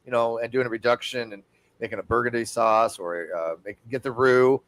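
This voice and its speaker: A man hosting a casual livestream panel chat, animated, swearing casually and stammering through fillers. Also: mid-range voice, brisk. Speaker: livestream host.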